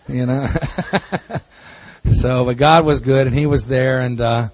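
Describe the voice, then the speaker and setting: A pastor takes his time before the congregation, leaving long pauses in a medium-pitched, darkish voice. He tells stories in a folksy, joking way and laughs as he goes.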